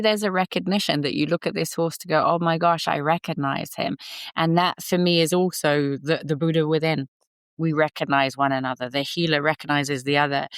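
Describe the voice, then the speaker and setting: A woman's voice: deep voice, no room sound, clean studio sound. A woman who trains horses, a guest on a podcast, speaking in an earnest, heartfelt way about spiritual connection. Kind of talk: podcast interview.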